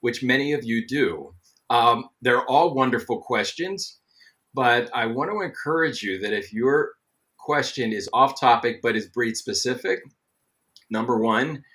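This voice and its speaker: A middle-aged man hosts a live online show with a bright, forward tone. He talks in a friendly, loose way, fills gaps with ums and greets viewers by name. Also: mid-range voice, expressive, measured pace. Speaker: show host. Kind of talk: live webcast host chat.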